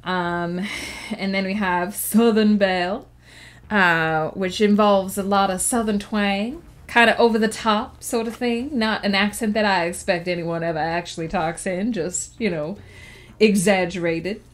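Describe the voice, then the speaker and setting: A woman's voice: medium pitch, fairly even intonation, a little slow. A woman streamer chatting casually to her viewers, laughing often and talking with many fillers. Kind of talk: casual live-stream chat.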